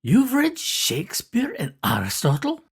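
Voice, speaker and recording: A man's voice: very high-pitched, wildly swooping pitch, measured pace, breathy edge, pitched above the performer's own voice, heavily acted. A man voicing a young, hearty male cannery boss with a Norwegian accent who speaks in effusive exclamations. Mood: incredulous.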